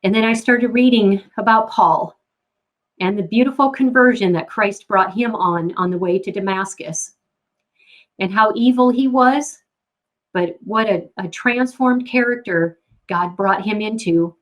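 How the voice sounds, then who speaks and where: Woman telling her conversion story haltingly. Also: medium pitch, highs cut off. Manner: halting, many repeated words and restarts. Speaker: guest giving a testimony. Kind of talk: personal testimony.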